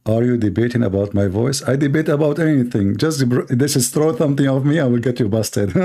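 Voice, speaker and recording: A man's voice: mid-range voice, a little fast, mellow, breathy edge. A middle-aged man hosting a live debate stream, talking in a sarcastic, taunting way. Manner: sarcastic, taunting, breaks into parody singing. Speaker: live stream host debating Muslim callers. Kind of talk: casual mocking debate talk.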